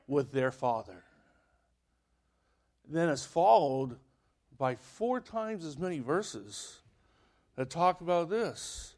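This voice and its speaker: A male pastor preaching a sermon, telling a story with animated delivery and acting out the voices in it. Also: fairly high pitch.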